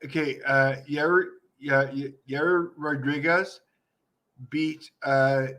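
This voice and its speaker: A man in a casual sports chat, who comes across as easily distracted and quick to apologize. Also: on the high side, steady tone, sharp tone. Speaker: sports picks podcaster.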